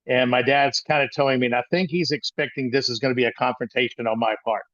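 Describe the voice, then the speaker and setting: An older man in his sixties tells a story from his own childhood, wandering and halting as he goes, with plenty of restarts. The sound is dry and a little dull, with no room around his voice. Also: mid-range voice, steady tone, fairly bright tone, dry recording. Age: 60s. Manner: rambling, halting with frequent restarts. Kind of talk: personal storytelling talk.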